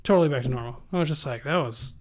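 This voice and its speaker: A man's voice: mid-range voice, racing, darkish tone. A man, a nurse, telling a story as a guest in a podcast interview, acting out the dialogue as he goes.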